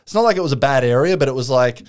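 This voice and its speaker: Smooth-voiced Australian man rambling. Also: mid-range voice, lively intonation, rapid-fire. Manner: rambling anecdotes with many fillers and swearing. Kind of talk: casual podcast chat.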